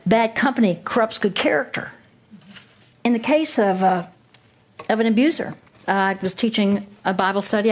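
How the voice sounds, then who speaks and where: Husky breathy woman teaching scripture, earnest and emphatic, asks the room questions. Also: medium pitch. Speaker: Bible teacher. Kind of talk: Christian teaching talk.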